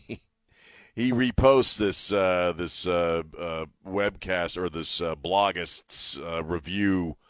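A man's voice: low-pitched, a bit bright, dry recording. A middle-aged man hosting a talk radio show, stammering and repeating words as he riffs. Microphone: studio microphone.

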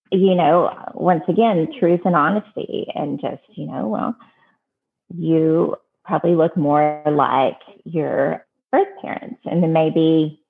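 Low gravelly woman on a phone-like line. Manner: earnest, plainspoken, with restarts. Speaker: adoption advice guest. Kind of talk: casual advice talk. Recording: phone-like narrow band.

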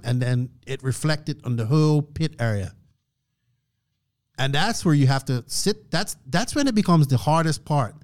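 A man hosting a podcast, delivering a casual, preachy motivational rant and clearing his throat often. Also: a little high, darkish tone. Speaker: podcast host.

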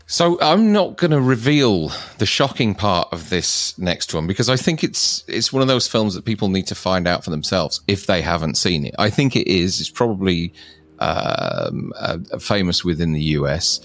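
A man's voice: deep voice, big pitch swings, moderate pace, a bit bright, dry recording. A man co-hosting a casual chat about films, rambling and often circling back to finish his thought, with frequent chuckles. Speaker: co-host discussing films.

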